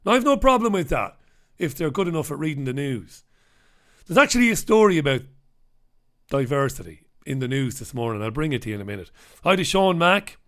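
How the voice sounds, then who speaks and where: A man's voice: on the high side, very animated, fairly quick, fairly bright tone. A middle-aged man, hosting a casual live-stream and chatting, joking and reading out viewers' names. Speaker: host.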